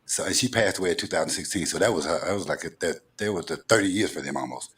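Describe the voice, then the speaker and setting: A man's voice: sits low, very fast, a bit bright. A man with a Southern accent hosting a casual interview, playful and rambling, repeating his phrases as he goes. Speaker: talk show host.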